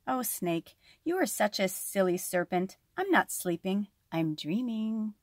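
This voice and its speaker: Brief: a knowing, sleepy lizard for a storybook, high and light, read by a woman. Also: big pitch swings, unhurried, no room sound, clean studio sound. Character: wise dreamy male desert lizard. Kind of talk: storybook reading.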